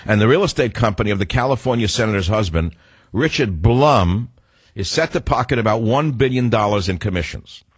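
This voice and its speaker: A man's voice: lowish voice, expressive, a little fast, husky, no echo. An older man hosting a talk radio show, delivering a combative, sarcastic monologue.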